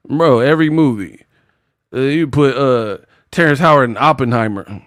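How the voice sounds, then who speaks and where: A man hosting a boxing commentary vlog, talking in a slangy, animated and mocking way. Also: medium pitch, a little slow, dry recording, clean studio sound.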